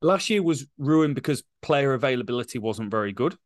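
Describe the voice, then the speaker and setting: Co-host: man, mid-pitched, frank and measured, dry close sound. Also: animated, dry recording. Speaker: podcast co-host. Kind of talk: casual sports podcast chat.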